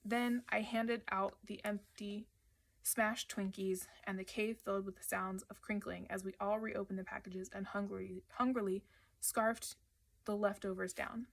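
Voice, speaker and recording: A woman reading a children's adventure novel aloud, narrating in the first person at a steady, lively pace. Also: mid-range voice, measured pace, creaky. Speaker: audiobook reader. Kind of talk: children's book read aloud.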